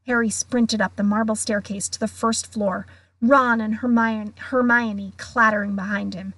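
A woman guest reader reading a children's novel aloud in an expressive way. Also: medium pitch, no room sound. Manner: slow, expressive.

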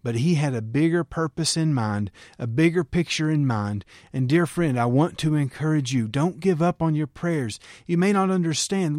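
Earnest preacher man, slightly high voice. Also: measured pace, darkish tone, dry recording, studio quality. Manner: earnest, encouraging, acts out pleading prayers. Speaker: pastor. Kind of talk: sermon.

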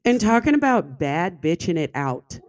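Casting: woman co-host, lower voice, emphatic and jokey, dry sound. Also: big pitch swings, moderate pace, a little mellow, no echo. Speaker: podcast co-host. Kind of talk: casual book discussion.

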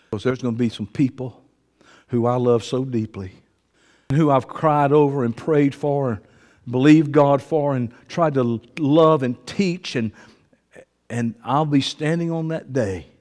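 A man preaching a sermon, folksy and emphatic, swinging from loud shouting to a quiet, breaking voice. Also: medium pitch. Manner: folksy, emphatic, reads scripture aloud. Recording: long reverb of a large hall.

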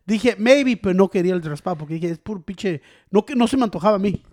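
Fast-talking high-voiced man, swearing freely. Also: expressive, a little mellow. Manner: rapid, profane, switches between English and Spanish. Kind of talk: casual chat. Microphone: studio mic.

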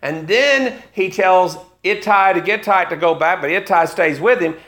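A man's voice: high-pitched, a little slow, fairly bright tone. A man in his fifties preaching a sermon, retelling a story with wry asides. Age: 50s.

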